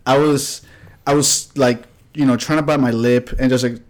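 A young man co-hosting a podcast, telling a story in a lively, laughing way. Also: medium pitch, moderate pace. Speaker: podcast co-host. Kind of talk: casual storytelling chat.

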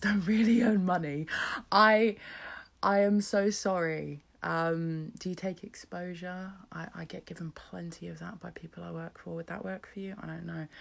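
Low gravelly woman chatting to cam about herself, rambly, jokey, keeps slipping into whispers. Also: fairly bright tone. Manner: rambling, self-mocking, drops to whispers. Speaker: musician and creator. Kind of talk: casual personal vlog talk.

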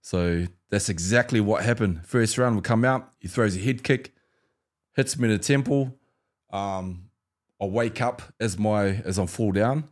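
Male ex-fighter guest, New Zealand accent, low relaxed storyteller. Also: measured pace. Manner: animated storyteller, acts out fight banter and laughs. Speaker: former UFC fighter, guest. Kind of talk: casual storytelling interview.

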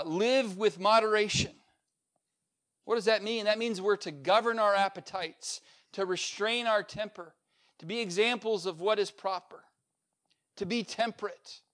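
Male preacher, high voice, measured verse-by-verse sermon delivery. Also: a bit bright. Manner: measured scripture exposition, reading verses aloud.

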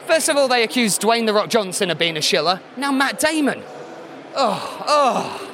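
A man hosting a live quiz show in a deadpan, sarcastic way, slightly hoarse as he loses his voice. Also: sits high, moderate pace, crowd noise. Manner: deadpan sarcasm, teasing the audience.

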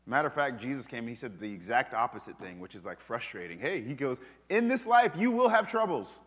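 A man preaching a sermon, animated, moving between loud calls and hushed asides. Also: medium pitch, fairly quick, few pauses. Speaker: pastor. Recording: long reverb of a hall.

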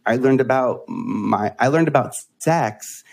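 A man's voice: medium pitch, unhurried, gravelly, breathy edge. A man in his forties, a podcast guest talking candidly and laughing often, restarting phrases as he goes. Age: 40s. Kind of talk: casual conversation.

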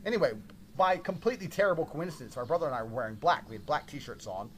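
A man's voice: fairly high pitch, expressive, fast talker, slight background noise. A man telling a story in a casual monologue, brash and swearing constantly.

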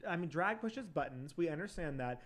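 A man co-hosting a casual podcast, chatting in an animated, gossipy way with lots of filler words. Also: a little high, a little fast. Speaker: co-host.

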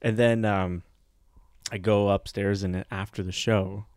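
A man's voice: lowish voice, measured pace, dry recording, studio quality. Male podcast co-host, casual storyteller who acts out other voices, clean resonant tone. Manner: animated storyteller, acts out voices, laughs often.

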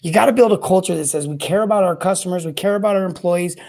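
A man hosting a solo podcast on plumbing service and sales, talking in a rambling, energetic way that often repeats and restarts words. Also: high voice, quick pace, creaky. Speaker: podcast host.

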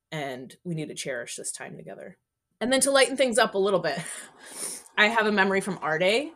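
A woman's voice: medium pitch, animated, a little fast, fairly bright tone. A woman in her forties, a podcast guest telling stories in a candid, chatty way. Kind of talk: casual interview storytelling.

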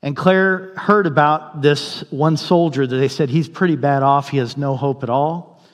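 A man's voice: fairly high pitch, measured pace. A male pastor telling a story in a sermon, in a conversational way, and briefly voicing the people in it. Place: church sanctuary. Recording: long hall reverb.

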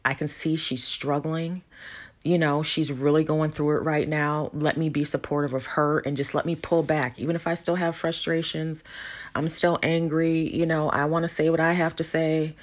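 The commentator voicing a smug adult man, a controlling boyfriend who calmly justifies himself. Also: mid-range voice, normal speed, lightly acted. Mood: self-justifying. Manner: calm, self-justifying.

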